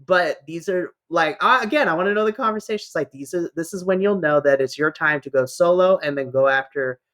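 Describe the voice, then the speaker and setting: A co-host on a casual wrestling review podcast with a mid-pitched voice. The talk is enthusiastic and chatty, full of quick asides. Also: a bit bright.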